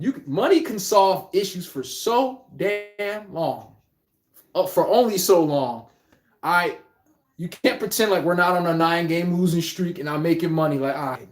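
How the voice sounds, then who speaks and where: Animated, profane sports commentator. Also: medium pitch. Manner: animated, profane, blunt trash talk; acts out quotes in mock voices.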